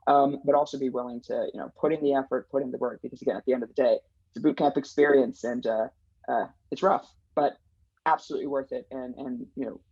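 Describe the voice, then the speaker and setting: A man's voice: mid-range voice, fairly even intonation, fast talker, a little mellow, husky, no room sound. A man who manages a placements team, answering interview questions in an earnest, enthusiastic way with lots of fillers and restarts. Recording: dull dry lo-fi sound.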